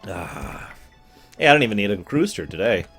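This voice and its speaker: A man's voice: on the low side, big pitch swings, moderate pace, fairly bright tone, breathy edge, soft background music. A man streaming a game, giving casual commentary with dry, wry asides. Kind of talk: casual let's-play commentary.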